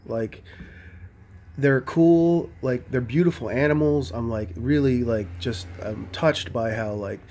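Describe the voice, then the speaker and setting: A vlogger talks casually into a handheld phone camera, rambling, leaning heavily on "like" and swearing freely. His voice is medium-pitched and a little mellow.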